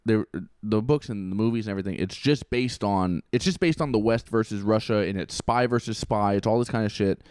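A man's voice: on the low side, brisk, hardly any pauses, a little mellow, clean tone, no room sound, clean studio sound. A young man co-hosting a casual podcast, rambling with many restarts and the odd swear word. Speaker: podcast co-host.

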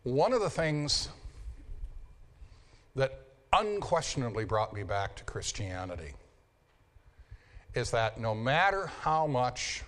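A man's voice: mid-range voice, very animated, slow pace, pauses often, a bit bright. A man lecturing a Bible class, repeating key phrases for emphasis and checking in with his students. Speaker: Bible teacher.

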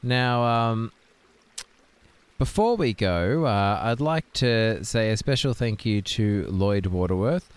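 A man's voice: on the low side, animated, slow, smooth. A young man hosting an improvised comedy podcast, mock-serious and rambling, with lots of hesitation. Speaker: podcast host.

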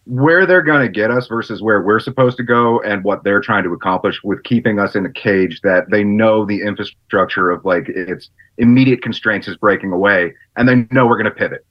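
Rambling, profane male panel guest, fairly low voice, muffled video-call audio. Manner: rambling, profane, loose and animated. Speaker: podcast guest. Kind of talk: casual panel chat. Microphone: computer mic on a video call. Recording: dull lo-fi computer mic.

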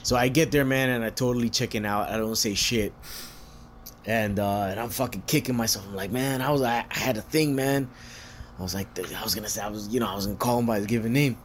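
A man casually telling a story, swearing often, laughing and jumping into high voices to quote people. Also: quick pace, a little hiss or hum.

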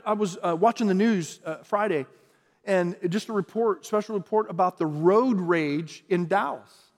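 Higher-voiced male pastor in a reverberant hall. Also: normal speed. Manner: conversational preaching, builds to emphatic repeated phrases. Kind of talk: sermon. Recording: long reverb from a large hall.

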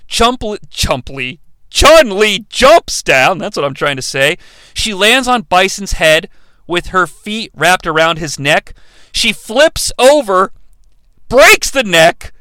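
A man hosting a comedic movie recap, sarcastic and excitable, swearing casually. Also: sits high, smooth, no room sound. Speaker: movie reviewer host.

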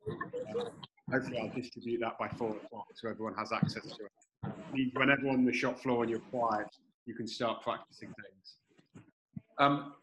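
A man running a staff briefing over a call in a measured, businesslike way with some fillers. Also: mid-range voice. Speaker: meeting organiser. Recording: noisy, glitchy call line.

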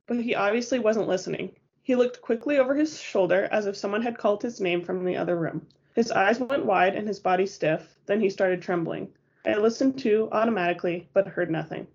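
A woman narrating a novel in the first person, with steady, measured storytelling. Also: mid-range voice, creaky, breathy edge, muffled recording. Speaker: audiobook narrator.

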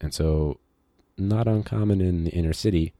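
Low-voiced rambling male teacher. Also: normal speed, mellow, dry recording. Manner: rambling, digressive, many fillers. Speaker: high school teacher. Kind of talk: casual podcast monologue.

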